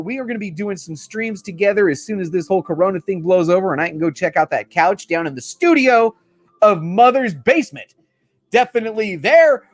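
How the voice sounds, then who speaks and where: A middle-aged man hosting a casual live stream, excitedly shouting out viewers in the chat. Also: high-pitched. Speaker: livestream host.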